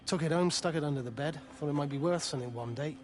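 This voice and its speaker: An actor playing an irritable middle-aged village station master, grumbling about train stoppages in a story game. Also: male voice, a little high, fast, a little hiss or hum, natural voice.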